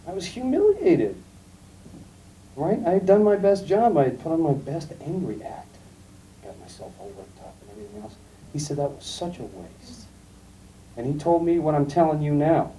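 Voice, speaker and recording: A middle-aged man giving a classroom lecture, telling anecdotes in a calm, emphatic storytelling way. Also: a little high, measured pace, long pauses. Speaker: guest lecturer. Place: lecture room. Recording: distant mic, faint room noise, archival tape.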